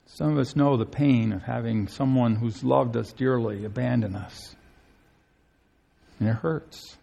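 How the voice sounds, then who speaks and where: A man preaching a sermon in an earnest, pleading way, swinging between soaring emphasis and hushed tenderness. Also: medium pitch, steady tone, measured pace, creaky, husky.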